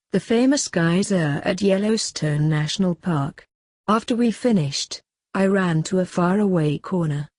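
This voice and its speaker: A woman reading a crude story aloud in a deadpan, sardonic manner. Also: lowish voice, no room sound, clean studio sound. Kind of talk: scripted story narration.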